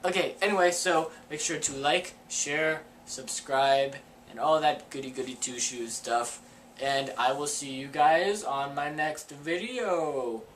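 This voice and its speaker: A man's voice: fairly high pitch, unhurried, a bit bright, a little hiss or hum, rough recording. A young man vlogging a childhood story to camera, rambling and full of "like" and "um.". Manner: rambling, filler-heavy with frequent "like".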